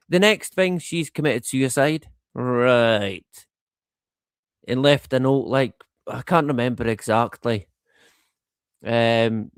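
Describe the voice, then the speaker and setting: A man's voice: medium pitch, slow pace, clean tone, dry recording, studio quality. A man hosting a livestream in a casual, rambling monologue, laughing often and swearing freely. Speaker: livestream host.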